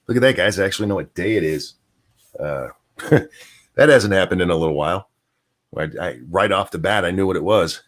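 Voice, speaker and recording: A man's voice: low-pitched, a little fast, pauses often. A man hosting a casual livestream show, rambling through viewer chat with plenty of fillers and chuckles. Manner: answers viewer chat and donations aloud.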